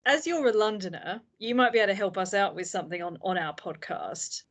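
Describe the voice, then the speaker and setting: A woman hosts a podcast from a video call, talking in a chatty way and laughing often. Her voice sits at an ordinary middle pitch. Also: expressive, fairly quick, very noisy. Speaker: podcast host. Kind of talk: casual podcast chat.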